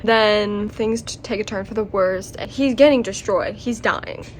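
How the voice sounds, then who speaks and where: A young woman vlogging a casual, chatty book recap, excitable, often acting out quotes from the story. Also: medium pitch, a little slow, a little hiss or hum.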